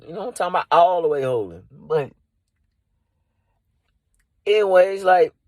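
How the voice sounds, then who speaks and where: A man's voice: high-pitched, lively intonation, moderate pace, no room sound. Man, improv comic, rambling, filler-heavy, inside a car, dry sound. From Dallas area. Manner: rambling, loaded with "you know" and "like". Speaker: comedian. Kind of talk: improvised comedy monologue.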